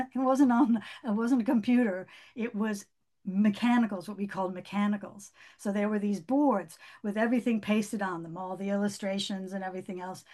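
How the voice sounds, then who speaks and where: An older woman speaks as a guest, telling her story in a relaxed, stop-start manner. She circles back, restarts sentences and fills pauses. Her voice sits at an ordinary middle pitch for a woman. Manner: halting, with many restarts and fillers. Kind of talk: conversational storytelling.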